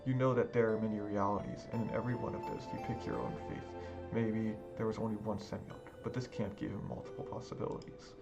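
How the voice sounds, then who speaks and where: Man doing a mysterious young pioneer from a visual novel, calm and knowing, low voice, steady, game music behind. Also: fast, vocal fry, few pauses, dull audio.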